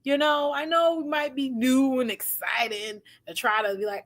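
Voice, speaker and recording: With hardly any pauses, a woman whose voice is a little high talks at a moderate pace while hosting relationship advice. She's animated, voicing the people in her stories and laughing frequently.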